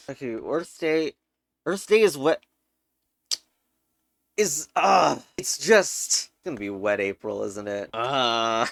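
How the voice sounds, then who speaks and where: A man's voice: medium pitch, gravelly, a bit bright, no room sound, clean studio sound. A young man casually commenting while solving crosswords, thinking aloud, muttering and laughing often. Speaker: puzzle game streamer.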